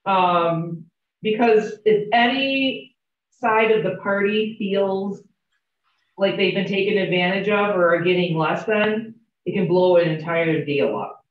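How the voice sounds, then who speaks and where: A woman's voice: mid-range voice, a little slow. Woman teaching a class from afar. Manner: chatty, candid, asks the class questions. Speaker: real estate trainer. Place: training room with a group. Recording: roomy, distant, dull classroom recording.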